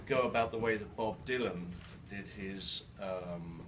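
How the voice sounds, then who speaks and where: An older man speaking to a live audience, halting with many restarts, his words slightly slurred by a new denture. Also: on the low side. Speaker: guest speaker. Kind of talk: live storytelling talk. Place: event hall with an audience. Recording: distant mic in a noisy room.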